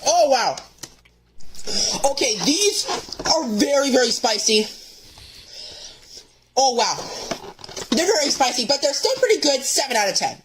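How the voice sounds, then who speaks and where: A food reviewer in a vlog clip, upbeat and giving quick ratings out of ten. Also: female voice, high voice, big pitch swings. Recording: noisy clip with background ambience.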